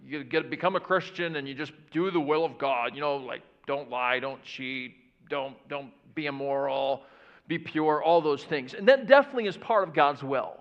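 A man's voice: on the high side, fairly bright tone. A man in his thirties preaching a playful sermon to young people, asking the crowd questions. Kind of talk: youth sermon. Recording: dull lo-fi church audio.

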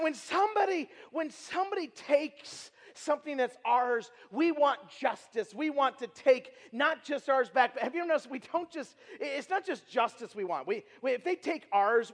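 A male preacher with a very high voice, animated, stumbling over and repeating words as he fires questions at his listeners. His sermon rings out with long reverb in a large hall. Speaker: traveling preacher. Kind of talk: sermon to camp staff.

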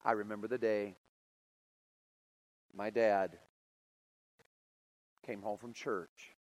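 A middle-aged man preaching a sermon, telling stories with big swings between loud and soft. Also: lowish voice, slow pace, highs cut off. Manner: animated storytelling with big swings in loudness.

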